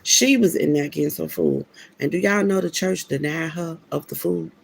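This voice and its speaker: A woman's voice: deep voice, normal speed, creaky, breathy edge, no room sound. A woman telling a personal story in a casual, preachy way, emphatic and slangy, often restarting her sentences. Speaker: vlogger.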